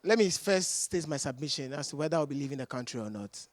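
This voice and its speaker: A woman's voice: sits low, expressive, fast, slight background noise. A young woman, arguing as a guest on a panel debate, emphatic and exasperated, firing rhetorical questions. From Ghana. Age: young adult.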